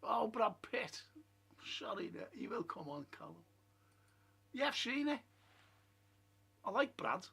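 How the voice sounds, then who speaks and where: A man's voice: sits high, very animated, measured pace, vocal fry, pauses often, bright, forceful tone, slightly rough. A man hosting a casual live stream, chatting in a rambling way, musing aloud and reading out viewer comments. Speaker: livestream host. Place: at home.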